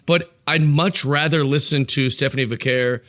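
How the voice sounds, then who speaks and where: A man's voice: medium pitch, fairly even intonation, normal speed, a bit bright. A man as a podcast guest, chatting earnestly about wrestling and giving long opinions. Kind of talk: casual wrestling chat.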